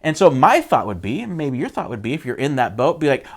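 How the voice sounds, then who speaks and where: A man's voice: mid-range voice, big pitch swings, quick pace, hardly any pauses. A man giving a casual Bible teaching sermon. He asks rhetorical questions and acts out the quotes. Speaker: church teacher.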